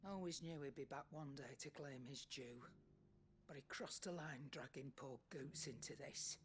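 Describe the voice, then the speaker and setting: A woman's voice: very deep voice, moderate pace, a little hiss or hum. An actress playing a shrewd, vengeful older woman trader with a Scouse accent, speaking bluntly with dry humour. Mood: wry. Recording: game audio with faint ambience.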